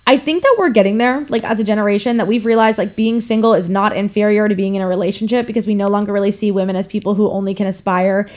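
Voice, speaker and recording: A woman's voice: medium pitch, steady tone, quick pace, few pauses, darkish tone. Frank, profane young woman giving a pep talk. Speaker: podcast host, influencer. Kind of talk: casual heartfelt monologue.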